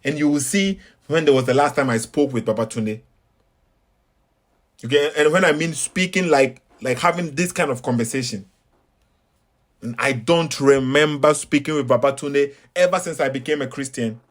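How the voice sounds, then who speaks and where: A man's voice: medium pitch, normal speed. A man with a Ghanaian English accent, talking casually to his audience while waiting for a call, repeating his points emphatically. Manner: preachy, repeats himself, emphatic. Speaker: online debate host. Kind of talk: casual commentary between calls.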